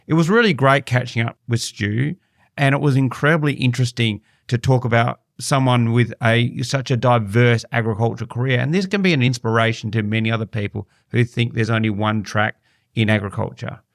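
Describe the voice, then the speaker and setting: Gravelly Australian man hosting a podcast. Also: mid-range voice, fairly quick, no room sound, studio quality. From Western Australia. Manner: laid-back, matey, with fillers and restarts. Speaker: podcast host. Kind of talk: casual podcast interview.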